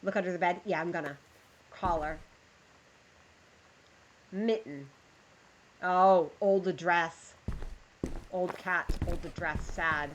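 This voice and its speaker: A woman's voice: on the low side, slow, pauses often, slight background noise, rough recording. A woman livestreaming, chatting with her viewers as she plays a game and reads a story aloud. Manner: chatty, talks to chat while playing. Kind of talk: live game commentary and storybook reading.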